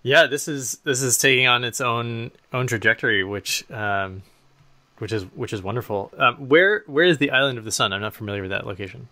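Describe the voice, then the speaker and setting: A man's voice: mid-range voice, fairly quick, sharp tone, no room sound. A man hosting a podcast, asking brief, friendly questions. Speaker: podcast host. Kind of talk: interview questions.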